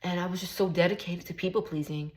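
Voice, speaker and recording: Slangy, rambling woman with a slightly low voice. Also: fairly even intonation, fast, darkish tone. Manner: slangy and rambling, heavy on filler words; self-amused, laughs at her own jokes. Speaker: spiritual coach and womb healer. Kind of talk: casual motivational vlog talk.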